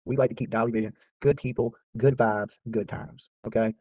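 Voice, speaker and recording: A man's voice: on the low side, steady tone, fairly quick, dry recording. A man hosting his channel, ranting casually to viewers in a boastful, profane, trash-talking way. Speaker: YouTube channel host. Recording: dry, slightly dull lo-fi sound.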